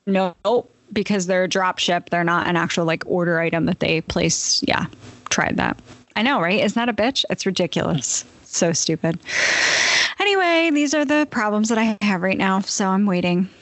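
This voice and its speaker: A woman in casual chat, telling a profane, animated story full of laughs. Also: medium pitch, normal speed.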